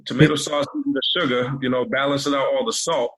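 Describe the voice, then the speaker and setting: Guest chef, a man from Massachusetts, easygoing, husky. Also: medium pitch, steady tone, fast, a bit bright, low-quality recording. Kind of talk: casual chat.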